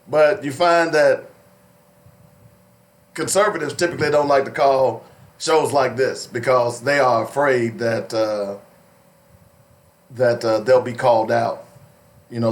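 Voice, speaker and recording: A man hosting a call-in radio show in a studio, loose and chatty, laughing often and filling pauses with "uh". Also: mid-range voice. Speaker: radio talk show host. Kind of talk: casual call-in radio talk. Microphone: studio microphone.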